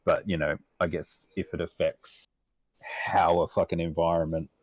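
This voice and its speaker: A deep-voiced Australian man yarns away as a podcast guest, cursing in nearly every line and wandering through his stories. His voice is low and sits dry and close, with no room around it. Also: normal speed, no room sound. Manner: profane, rambling, acts out quotes in animated voices. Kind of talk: casual chat.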